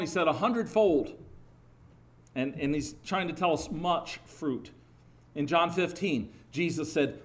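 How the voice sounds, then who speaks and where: This sermon comes from a middle-aged pastor whose pitch is fairly high. Earnest and animated, he punctuates it with rising emphasis and some halting restarts.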